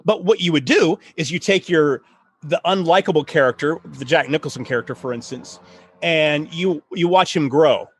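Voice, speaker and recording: A middle-aged man hosting a casual chat on writing, telling stories in an animated way with laughs and many restarts. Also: a little high, normal speed, a little hiss or hum. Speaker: podcast host, writing coach.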